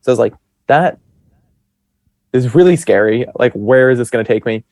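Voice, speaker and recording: A young man in his twenties talks as a podcast guest, rambling through his stories with plenty of fillers and acted-out bits of his own thoughts. His pitch sits in a middle range, and the recording is dry and close, with no room sound. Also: lively intonation, moderate pace, a little mellow, no echo. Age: 20s. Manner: chatty, rambling with many fillers and quoted self-talk. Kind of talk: casual storytelling.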